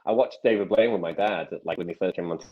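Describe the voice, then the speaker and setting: Low-voiced man rambling through a story. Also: fast talker, narrow, tinny audio. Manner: rambling storyteller with many restarts and acted quotes. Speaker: podcast guest, magician. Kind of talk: casual interview chat.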